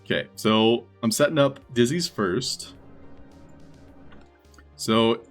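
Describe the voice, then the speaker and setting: A man's voice: mid-range voice, slow pace, faint music behind. A man streaming live, chatting casually and thinking aloud as he sets things up. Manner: rambling, thinking aloud while setting up text-to-speech. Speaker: livestreamer.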